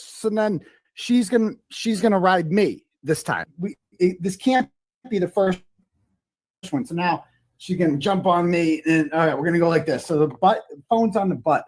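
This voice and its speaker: A man's voice: sits high, moderate pace, darkish tone. A man in recorded footage, narrating his own actions while he acts out crude lines. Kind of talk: casual spoken demonstration.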